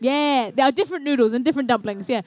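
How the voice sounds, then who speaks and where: High-voiced playful New woman commentator. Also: rapid-fire, a little mellow, no room sound. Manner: playful, chatty, upbeat. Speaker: event commentator. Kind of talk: live competition commentary. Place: indoor competition venue.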